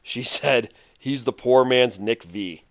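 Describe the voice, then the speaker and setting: A man's voice: medium pitch, slow, no echo. A man co-hosting a casual podcast chat, amused and laughing as he reads out quotes. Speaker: podcast co-host.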